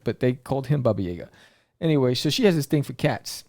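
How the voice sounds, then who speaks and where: A man hosting a podcast, rambling excitedly through a comic book review with lots of fillers. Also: medium pitch, brisk, no echo, clean studio sound.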